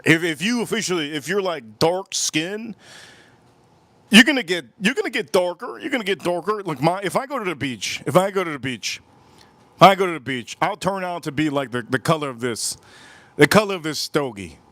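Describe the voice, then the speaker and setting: Man, livestream host, casual rambling talk, repeats himself, slightly high voice, dry close sound. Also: lively intonation, brisk, pushed and bright, dry recording. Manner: rambling, repeats phrases, acts out quoted voices. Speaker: cigar review livestream host. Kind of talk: casual rambling live-stream chat. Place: Miami.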